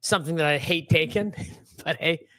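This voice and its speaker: A man in his fifties hosts a casual chat in a slightly high voice. His talk rambles and swears, with frequent laughs. The sound is close and dry. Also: normal speed, a bit bright, dry recording. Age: 50s. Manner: rambling, profane, laughs often. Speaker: livestream host.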